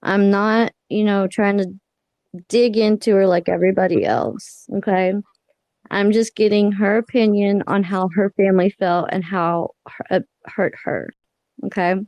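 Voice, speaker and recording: Casting: woman host, gentle, hesitant, calls people honey, dry close sound. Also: mid-range voice, unhurried, no room sound, lo-fi sound. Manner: sweet-talking, hesitant with ums. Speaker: livestream host asking questions. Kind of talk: casual chat.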